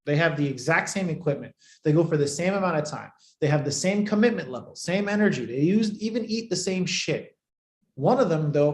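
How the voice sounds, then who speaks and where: Male coach, fairly high-pitched and blunt, heavy swearing, echoey room, punches words then drops to a hush. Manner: blunt, profane, emphatic, swings loud and soft. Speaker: marketing coach. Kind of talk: live online training.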